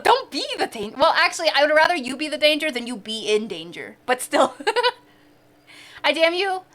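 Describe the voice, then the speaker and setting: A woman's voice: high voice, animated, moderate pace, fairly bright tone. A woman from the central United States chatting casually on a live stream, bubbly and giggly, with sudden squeals.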